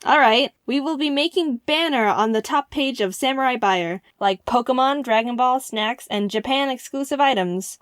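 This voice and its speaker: A woman voicing a friendly Japanese man who speaks halting, broken English. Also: very high voice, fairly bright tone, clean tone, dry recording, studio quality.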